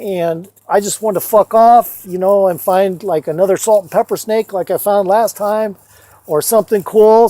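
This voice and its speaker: A man's voice: sits high, darkish tone, no echo. A man in his fifties from Missouri telling a personal story in a rambling, casual way, swearing often and full of asides and fillers.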